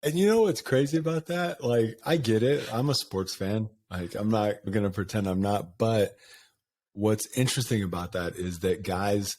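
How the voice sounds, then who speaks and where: A man's voice: on the low side, normal speed, darkish tone. A middle-aged man hosting a podcast, talking candidly in a rambling, casual way and laughing often. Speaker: podcast host. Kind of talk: casual conversation.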